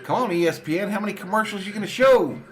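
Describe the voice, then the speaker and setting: A man hosting a live fan watch party, calling pitches with excitement and reading viewer comments aloud between plays. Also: very fast. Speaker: sports fan streamer and watch-party host.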